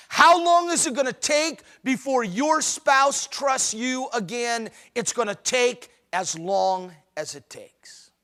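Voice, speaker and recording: A man's voice: very high-pitched, sharp tone. A man giving a humorous, emphatic talk at a marriage conference, mixing preachy urging with jokes. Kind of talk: humorous live seminar talk.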